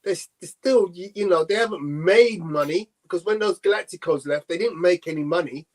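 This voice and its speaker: A man's voice: high voice, brisk. A man co-hosting a live football watchalong, chatting casually and thinking aloud in long, rambling remarks. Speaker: watchalong co-host.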